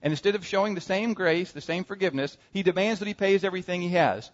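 A man preaching a sermon, retelling a parable with lively rhetorical questions. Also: high-pitched, quick pace. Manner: animated storytelling with rhetorical questions. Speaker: pastor. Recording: muffled sound with long hall reverb.

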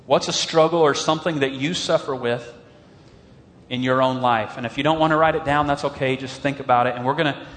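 Earnest preacher in a reverberant hall. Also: male voice, medium pitch, a little hiss or hum. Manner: earnest, animated preaching with slow emphatic phrases. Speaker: pastor. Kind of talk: sermon.

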